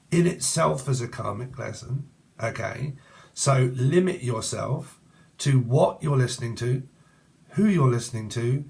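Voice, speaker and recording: Blunt, foul-mouthed tarot man. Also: mid-range voice. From England. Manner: swears freely and rambles, chatty and blunt. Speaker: tarot reader. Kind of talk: casual tarot reading to camera.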